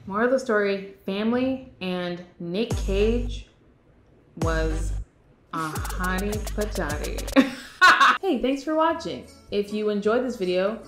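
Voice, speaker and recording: A woman's voice: mid-range voice, expressive, over music. Giggly young woman recapping a movie. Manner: chatty and giggly, acting out lines in quick impressions. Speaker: film vlogger. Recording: echoey room.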